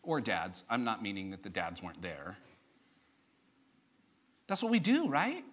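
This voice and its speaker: A male pastor and father of a young child preaches a sermon in church, conversational and joking, posing rhetorical questions to the congregation. His lowish, slightly bright voice swoops wildly in pitch at a measured pace. There's slight background noise.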